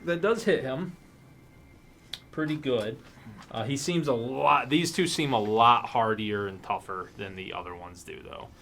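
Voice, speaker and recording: A man running a tabletop game as game master, casual and quick to laugh, swearing now and then. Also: mid-range voice, expressive, a bit bright, a little hiss or hum.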